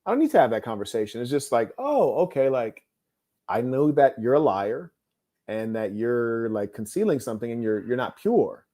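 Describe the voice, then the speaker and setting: A man's voice: mid-range voice, animated, moderate pace, mellow. Blunt, slangy man lecturing. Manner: blunt, dismissive, slangy, often asks "you hear me?". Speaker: host. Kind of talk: casual monologue.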